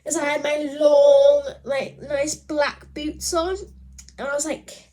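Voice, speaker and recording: A woman's voice: sits high, flat delivery, takes it slowly, warm tone. A woman chatting to camera in a casual, rambling vlog, often laughing as she talks. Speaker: vlogger.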